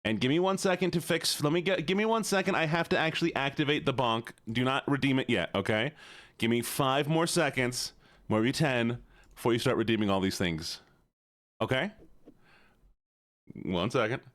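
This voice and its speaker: A man's voice: mid-range voice, moderate pace, a bit bright, no echo. A man streaming live, chatting with his viewers in a playful, teasing way.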